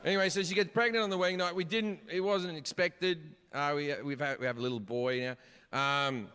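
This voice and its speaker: On a comedy stage before a live audience, a middle-aged stand-up comedian tells brash, profane stories. His voice is on the high side with fairly even intonation, fairly quick and sharp, and the recording carries live hall reverb and audience noise.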